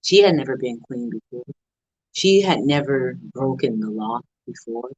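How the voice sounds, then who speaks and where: A woman's voice: very deep voice, lively intonation, normal speed, darkish tone, breathy edge, no room sound, poor audio. A middle-aged woman giving an earnest motivational talk on a live stream, with a preacher-like rhythm of repeated phrases. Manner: earnest, preacher-like cadence with repetition. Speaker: motivational speaker.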